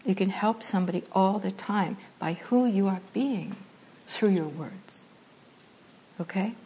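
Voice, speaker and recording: A woman giving a spiritual talk that ties meditation to acting, playful and animated, often dropping to a soft, slow voice for repeated phrases. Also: medium pitch, a little hiss or hum. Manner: drops to soft, slow repetition when guiding meditation. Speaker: teacher.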